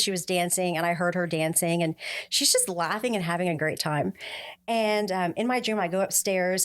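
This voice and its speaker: Telling a personal story as a guest on a podcast, a middle-aged woman speaks in a heartfelt way. Whenever she quotes others, she acts out their voices with a raised pitch.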